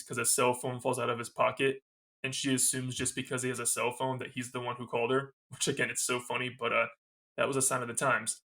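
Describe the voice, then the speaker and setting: A man's voice: medium pitch, sharp tone. A man co-hosting a podcast, recapping a movie scene in casual chat, quoting its lines and laughing often. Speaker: podcast co-host.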